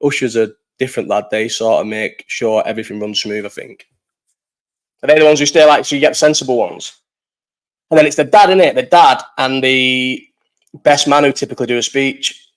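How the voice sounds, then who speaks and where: A man's voice: mid-range voice, fairly even intonation, a little fast. A young man chatting casually on a live podcast, rambling, swearing and laughing often. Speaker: podcast co-host.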